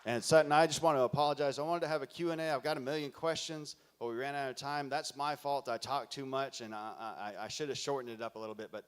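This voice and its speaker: A man emceeing a conference, calling for applause and reading out raffle numbers slowly to a large hall. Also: mid-range voice, steady tone, clear, resonant tone. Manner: loud, hearty, calls out raffle numbers slowly.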